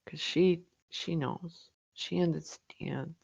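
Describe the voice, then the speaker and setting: A woman's voice: sits low, fairly even intonation, takes it slowly, creaky, lo-fi sound, noisy background. A woman co-hosting a casual stream chat, playfully indignant and dramatic. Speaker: co-host.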